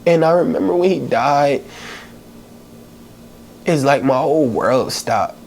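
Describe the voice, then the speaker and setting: A man hosting a podcast, telling a heartfelt personal story in a halting way, with many pauses and fillers, holding back tears. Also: fairly high pitch, creaky, darkish tone, slight background noise. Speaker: podcast host.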